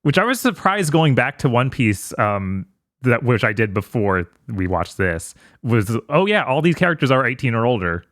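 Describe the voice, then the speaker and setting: A man co-hosting a casual podcast, making relaxed, thoughtful asides. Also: medium pitch, moderate pace, no echo, clean studio sound. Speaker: podcast co-host.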